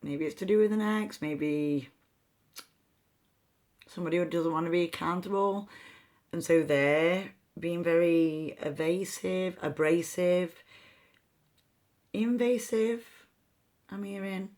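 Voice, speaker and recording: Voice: mid-range voice, takes it slowly, long pauses, a little mellow. A rune reader giving a meandering, free-associating reading with chatty asides. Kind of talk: slow intuitive card-style reading.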